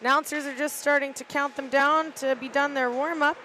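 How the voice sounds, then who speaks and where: A middle-aged woman, a team parent, giving relaxed, chatty play-by-play from an arena balcony, with fillers and hesitations. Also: sits high, brisk, a little hiss or hum. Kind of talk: amateur live sports commentary. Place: arena balcony overlooking ice rink.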